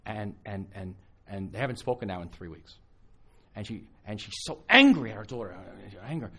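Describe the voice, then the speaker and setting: A man's voice: fairly low pitch, moderate pace, breathy edge. A man, a pastor, giving a conversational sermon at a live conference, telling stories with frequent restarts. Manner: animated, storytelling with frequent restarts.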